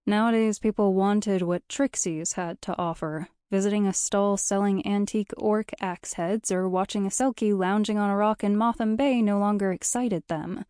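Female audiobook narrator, warm and measured, close dry read. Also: medium pitch, fairly even intonation, clean tone, no room sound.

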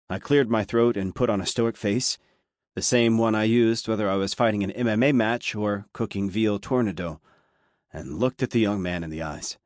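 A man reading a story aloud as an audiobook narrator, steady and measured. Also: fairly low pitch, dry recording, clean studio sound. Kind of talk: scripted narration.

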